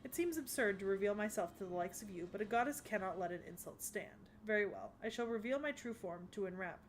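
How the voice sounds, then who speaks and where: A woman voicing a haughty goddess who rules the underworld, grandiose and commanding but quickly flustered, in an English anime dub. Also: expressive, slight background noise, natural voice. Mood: imperious. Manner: grandiose and imperious, then flustered and shrill. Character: haughty goddess queen of the underworld, proud yet easily flustered.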